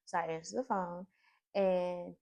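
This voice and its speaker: A woman telling a personal story in a casual vlog, blunt and profane, with animated retelling. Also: on the low side, measured pace, vocal fry.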